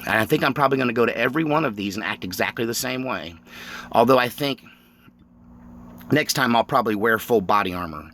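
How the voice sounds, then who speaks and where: A middle-aged man vlogging, telling stories in an animated, emphatic way and laughing often. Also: mid-range voice, fast, a little hiss or hum. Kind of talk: casual storytelling monologue.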